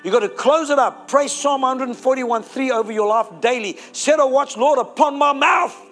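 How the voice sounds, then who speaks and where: A man's voice: very high voice, moderate pace, soft background music. A man preaching a sermon, fervent and exhorting, rallying the congregation to repeat declarations.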